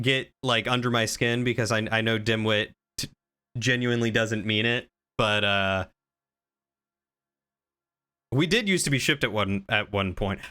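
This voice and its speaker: A man's voice: medium pitch, bright, forceful tone, smooth. A man chatting casually on a live stream, reading chat and teasing viewers in a playful, rambling way.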